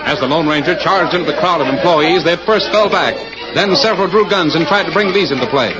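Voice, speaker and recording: A man narrating an old radio drama in a brisk, dramatic way. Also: on the high side, dull audio. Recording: old radio recording with music and crowd noise.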